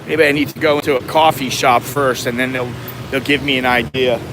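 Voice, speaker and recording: A travel vlogger from the United States walking through a city, chatting in a wry, self-mocking way with chuckling asides, sweaty from the heat. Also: male voice, medium pitch, flat delivery, fairly quick. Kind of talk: casual walking vlog. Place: busy city streets outdoors. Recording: outdoor street noise.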